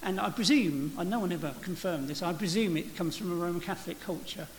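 A fast-talking man with a high voice gives a reflective church sermon, regularly restarting his phrases and using "you know." The hall echoes, and there's a faint hiss.

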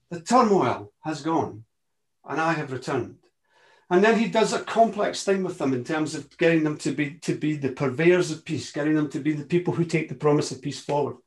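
A man preaching a sermon, impassioned, moving between quiet asides and ringing emphasis. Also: on the high side, lively intonation, moderate pace.

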